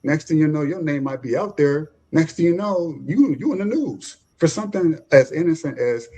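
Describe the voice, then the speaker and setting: A man co-hosting a podcast, speaking haltingly with restarts and pushing up high when exasperated. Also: animated, dark tone. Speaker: podcast co-host. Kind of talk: casual debate.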